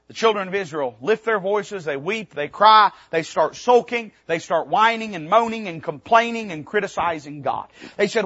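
Pastor, man, high husky voice, King James scripture readings, loud peaks and quiet lows, dry muffled sound. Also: lively intonation, moderate pace, no echo. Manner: reads scripture aloud in King James wording, then retells it plainly; swings between loud emphatic peaks and quiet low passages. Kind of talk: sermon. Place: church sanctuary.

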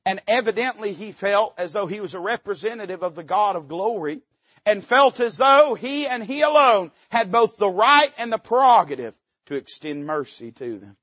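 A man preaching a sermon from the pulpit, folksy and fervent, swinging between loud rises and quiet dips. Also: high voice, lively intonation, moderate pace, dry recording, lo-fi sound. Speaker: pastor. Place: church sanctuary.

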